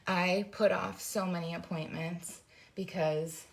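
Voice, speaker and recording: A woman's voice: on the low side, fairly even intonation, slow, creaky. Earnest woman in her forties, heartfelt. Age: 40s. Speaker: host. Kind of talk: casual faith talk.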